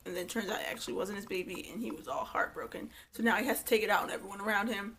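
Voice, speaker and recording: A woman's voice: medium pitch, expressive, fast, a bit bright. A woman giving a blunt, opinionated, gossipy casual review of a reality show. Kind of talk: casual commentary vlog.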